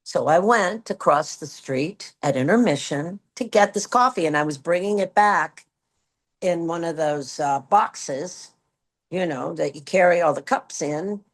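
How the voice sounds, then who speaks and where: A woman in her seventies, a former stage performer, telling a backstage story in an interview and acting out the quoted dialogue with lively swings in her voice. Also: fairly low pitch, a little slow. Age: 70s. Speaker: guest, former Broadway performer. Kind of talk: anecdotal storytelling.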